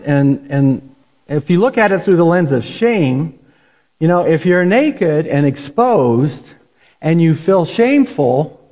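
Folksy preacher with a fairly high voice. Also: male voice. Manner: folksy, conversational storytelling. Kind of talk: sermon. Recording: dull lo-fi recording.

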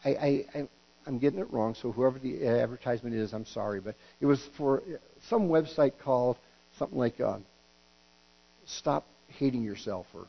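A man's voice: mid-range voice, normal speed, gravelly. A middle-aged man preaching a sermon as pastor, folksy and joking, with stumbling restarts and acted-out quotes. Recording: dull lo-fi recording with hum.

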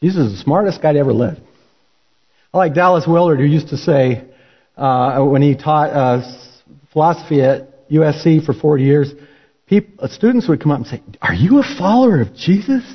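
A man's voice: fairly high pitch, moderate pace. A man preaching a sermon, telling the story in a folksy, conversational way. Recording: dull lo-fi recording.

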